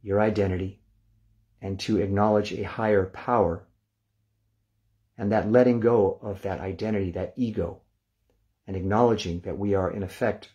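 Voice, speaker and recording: An older man leading a guided relaxation lesson, calm and unhurried, counting down softly and easing into hushed releases. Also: fairly low pitch, lo-fi sound. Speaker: meditation instructor.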